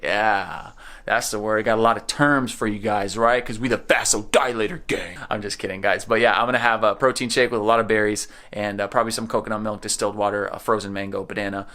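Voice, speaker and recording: A man's voice: lowish voice, fairly even intonation, fast, sharp tone. A man talking casually and energetically to the camera about his food, repeating words for emphasis. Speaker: food vlogger. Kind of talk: casual vlog chat. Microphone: phone camera.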